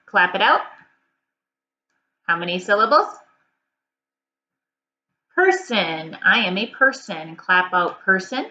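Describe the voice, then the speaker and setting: A woman teacher giving a reading lesson to young children, slow and encouraging, repeating each prompt. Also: mid-range voice, sharp tone, lo-fi sound.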